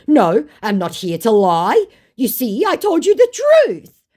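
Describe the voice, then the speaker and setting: A woman voicing an indignant young male scammer posing as a celebrity, in a mocking, high sing-song voice. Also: sing-song, unhurried, a little mellow.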